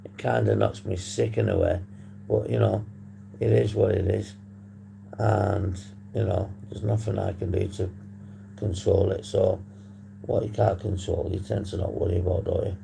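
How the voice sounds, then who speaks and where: Man, from the UK, husky, low gravelly voice, very dark tone, slow rambling live-stream chat, faint hum. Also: steady tone. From United Kingdom. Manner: rambling, swears casually, addresses chat. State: husky voice from a long phone call. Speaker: livestream host on addiction recovery.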